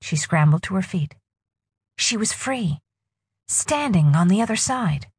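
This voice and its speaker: A woman narrating a novel in a husky voice with expressive storytelling. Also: mid-range voice, unhurried, no echo, clean studio sound. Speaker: audiobook narrator. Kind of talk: scripted narration.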